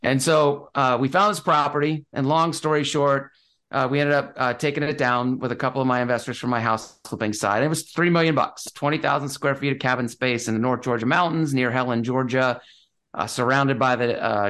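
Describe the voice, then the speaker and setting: A man with a medium-pitched, fairly bright voice appears as a real estate investor guest in a casual interview. He talks with enthusiasm and an easygoing manner, full of fillers and restarts.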